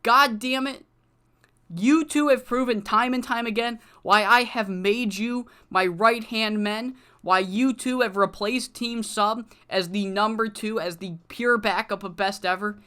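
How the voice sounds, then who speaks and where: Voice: mid-range voice, unhurried, pushed and bright, smooth. The narrator voicing a hot-tempered female faction leader who curses while praising her teammates. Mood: fired up. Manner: boisterous, swearing. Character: smug faction leader woman, gruff, fiery.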